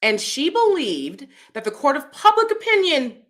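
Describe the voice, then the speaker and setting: A woman hosting her own channel, talking in a casual, animated way, often checking in with "right?" and jumping into high mocking voices. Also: moderate pace. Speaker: commentary channel host. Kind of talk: casual opinion commentary.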